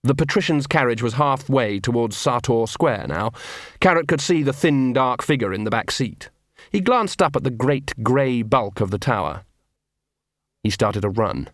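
A man giving scripted audiobook narration in an even, measured way. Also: medium pitch, no room sound, studio quality.

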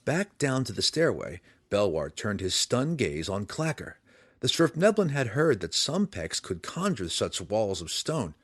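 A man with a lowish voice reads a fantasy novel aloud, his pitch rising and falling in a lively, dramatic way. The delivery is scripted and expressive. The recording is dry and close, with no room sound. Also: a little slow, husky, no echo. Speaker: audiobook narrator.

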